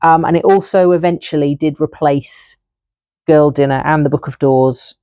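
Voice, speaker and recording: A woman's voice: low-pitched, fairly even intonation, moderate pace, dark tone, dry recording. A woman, chatting candidly through a book review with wry asides. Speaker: book vlogger. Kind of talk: casual book review monologue.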